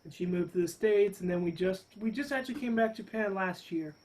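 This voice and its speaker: A man's voice: high voice, quick pace, darkish tone, low-quality recording. A man chatting candidly as a podcast guest, swearing casually and laughing as he tells stories. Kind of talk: casual chat.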